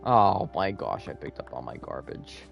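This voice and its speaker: A man chiming in casually with slow, drawling interjections. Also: low voice, big pitch swings, gravelly, lo-fi sound, faint music behind. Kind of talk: casual chat.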